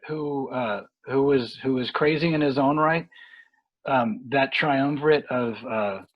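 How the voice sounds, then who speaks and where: Man, husky voice, dull lo-fi sound, casual boxing chat, rambling with fillers. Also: mid-range voice. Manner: rambling, halting with many fillers and restarts. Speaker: boxing analyst guest.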